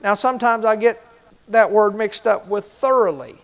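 High-voiced man preaching a sermon. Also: moderate pace. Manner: asks the congregation questions, repeats key phrases. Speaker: pastor.

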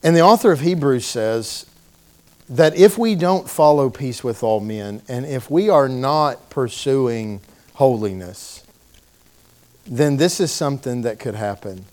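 A man preaching a sermon in a church, telling the story with animated delivery and acting out the voices of its people. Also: mid-range voice, measured pace. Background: congregation calling out responses.

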